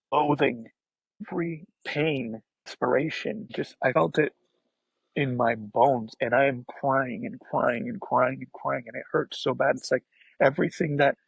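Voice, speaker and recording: Gravelly, husky man telling a story. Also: mid-range voice, no echo, lo-fi sound. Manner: soft-spoken and halting, with frequent restarts. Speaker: podcast guest. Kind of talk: emotional personal storytelling.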